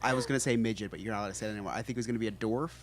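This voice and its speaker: A man co-hosting a podcast, making deadpan jokes in casual chat. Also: lowish voice, racing, crowd noise. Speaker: podcast co-host. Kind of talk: casual banter.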